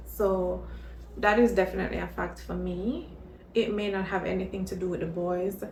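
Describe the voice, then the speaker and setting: A woman talks in a casual vlog, her voice carrying a gravelly edge. She tells her stories in an expressive, chatty way. The recording has an echoey room sound with a faint hiss behind her. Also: on the low side, measured pace. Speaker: vlogger. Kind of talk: casual pregnancy vlog chat.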